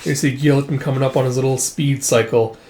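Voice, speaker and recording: A man's voice: medium pitch, fairly even intonation, fast talker, darkish tone. A man casually reading through a manga and narrating the action, with rambling, profane asides. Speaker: manga reader. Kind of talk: casual read-through with commentary.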